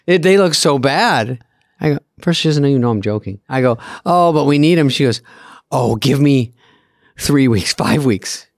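A man's voice: moderate pace, dry recording, clean studio sound. A man co-hosting a podcast, telling a story in a casual chat and acting out other people's voices as he goes. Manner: animated storyteller, acts out his mother's voice in high pitch. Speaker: podcast co-host.

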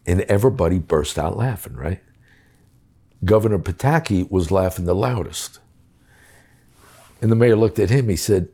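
Deep, husky, blunt-talking middle-aged man. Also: normal speed, pauses often, mellow. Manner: blunt, profane, emphatic. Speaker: guest recounting his time as a police official. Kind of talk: storytelling in conversation.

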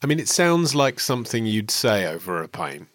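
A man's voice: lowish voice, very animated, normal speed, fairly bright tone, dry recording. A man hosting an interview, asking probing questions with dry humour. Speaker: podcast host.

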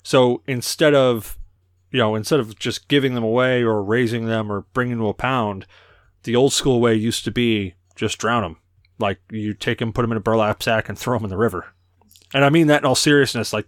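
A man's voice: medium pitch, fairly even intonation, a little fast, dry recording, studio quality. A man hosting a casual podcast, telling crude stories and laughing often, a bit tipsy. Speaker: podcast host.

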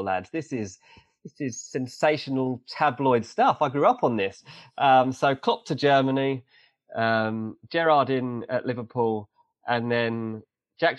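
A man in his thirties co-hosting a football podcast, animated and joking in casual chat. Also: medium pitch, dry recording, highs cut off. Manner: animated storyteller, joking asides. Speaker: podcast co-host.

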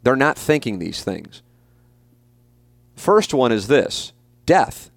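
A man's voice: mid-range voice, very animated, takes it slowly, no echo. A man in his forties hosting a podcast, answering listener questions in a blunt, emphatic and profane way, often repeating his points. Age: 40s. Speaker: podcast host.

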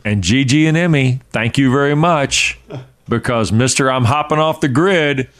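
A man's voice: mid-range voice, moderate pace, fairly bright tone. A man co-hosting a talk show, chatting casually and chiming in with short reactions and jokes. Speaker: radio co-host. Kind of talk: casual chat.

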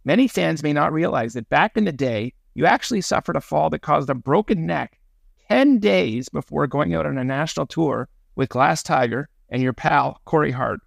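A man hosting an interview, asking measured, prepared questions. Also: a little high, lively intonation, gravelly, no echo. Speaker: podcast host.

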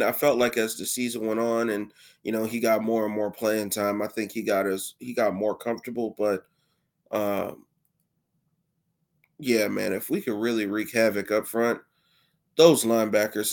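A man co-hosting a sports podcast in casual chat, upbeat and quick to agree. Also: lowish voice. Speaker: podcast co-host.

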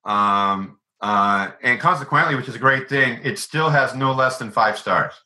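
A man, an author and guest, explaining ideas through animated stories and acted-out quotes. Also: mid-range voice, measured pace, low-quality recording. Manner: animated, acts out quoted voices. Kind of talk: conversational storytelling.

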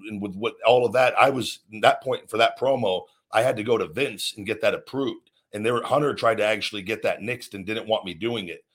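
A man's voice: lowish voice, fairly bright tone. A man hosting a podcast and talking earnestly about work and confidence, rambling with many restarts. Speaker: podcast host, former wrestler. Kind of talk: motivational podcast talk.

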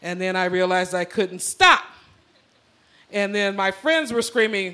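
A woman telling a funny personal story live on a club stage, animated and profane, often laughing as she talks. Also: medium pitch, normal speed.

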